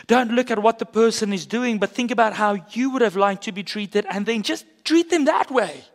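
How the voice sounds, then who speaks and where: A pastor preaching a sermon in an earnest, conversational way with casual asides. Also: male voice, sits high, normal speed, long reverb tail. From South Africa.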